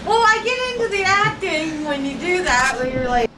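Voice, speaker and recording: A giggly, playful woman with a high, lively voice trades banter in a home garage. She sits away from the microphone, so her voice sounds distant and echoey over loud shop noise. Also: moderate pace. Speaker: host's partner. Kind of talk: playful banter during a skit.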